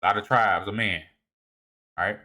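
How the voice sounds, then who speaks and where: A man presenting a lecture over slides in a casual, halting way. He often repeats and restarts his words, checks in with "all right?", and swings between emphatic rises and low muttered asides. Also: steady tone, sharp tone. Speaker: presenter of a video series. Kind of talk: lecture walking through slides.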